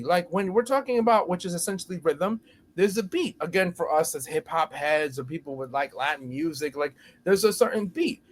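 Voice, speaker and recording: A man talking as a podcast guest about teaching kids to speak, lively and acting out voices of students and teachers. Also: sits high. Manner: animated, acts out students and teachers in exaggerated voices. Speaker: podcast guest, school storytelling educator. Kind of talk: casual podcast conversation.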